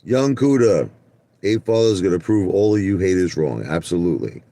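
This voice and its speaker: His voice is low-pitched, creaky, and dark, yet animated at a normal speed. Hosting a live stream, he rants bluntly at viewers, calls them out by name, and keeps tripping over and repeating his words.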